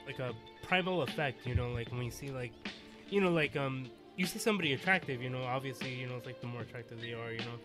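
Man, casual chat, halting, lots of "you know" and "like", middle pitch. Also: music in the background.

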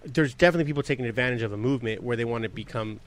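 A man's voice: medium pitch, racing. A man hosting a podcast in loose casual chat, rambling with many fillers and swearing freely. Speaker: podcast host.

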